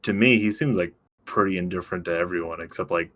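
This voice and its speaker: A man's voice: sits low, fast talker, fairly bright tone. A young man co-hosting a podcast in casual chat, loose and joking, with lots of fillers. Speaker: podcast co-host.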